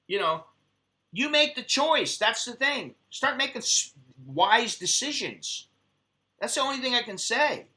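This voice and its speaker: Bright-voiced, cursing American man ranting. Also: extremely high pitch, a little slow. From United States. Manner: profane, animated storytelling, acts out heated quotes. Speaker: live-stream host. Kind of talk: casual live-stream monologue.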